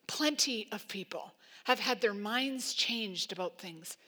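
A woman pastor preaching a sermon in an emphatic, conversational way, full of "like" and quick asides. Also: mid-range voice, animated, pushed and bright.

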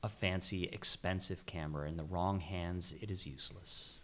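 A man's voice: deep voice, steady tone, normal speed, fairly bright tone, a little hiss or hum. A middle-aged man, a guest photographer, talking firmly and giving advice in a casual podcast chat.

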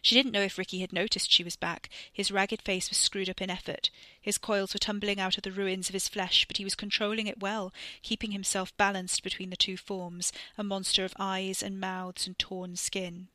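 A woman reads a scripted story in a measured, steady way. Her voice is bright, and the recording is dry and close. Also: medium pitch, no room sound. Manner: measured, reading with acted dialogue. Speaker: narrator.

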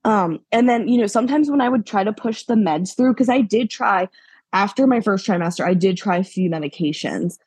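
Casual storytelling woman, slightly husky, mid pitch, keeps quoting people and laughing. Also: expressive, brisk, darkish tone, no echo. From Pennsylvania, USA. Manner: chatty, laughs often, acts out what people said. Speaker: podcast guest sharing her pregnancy story.

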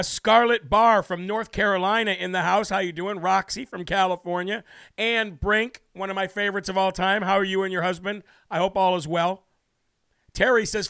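Brash, bright-voiced male talk host. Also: sits high, clean tone, dry recording, studio quality. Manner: brash, emphatic, repetitive. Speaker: political talk show host. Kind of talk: live political commentary and viewer shout-outs. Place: New Hampshire studio.

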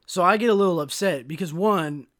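A young man hosting a solo podcast, telling a story in a profane, animated, slangy rant. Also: high voice, brisk. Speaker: podcast host.

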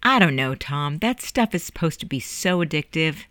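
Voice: medium pitch, expressive, moderate pace, bright, forceful tone, no room sound, studio quality. A narrator voicing a proud, curious teenage boy who asks defensive, disbelieving questions in an audiobook. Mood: questioning. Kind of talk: audiobook character voice.

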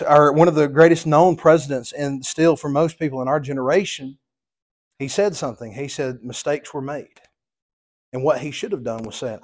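A man, preaching a sermon as pastor, impassioned and emphatic. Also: fairly high pitch.

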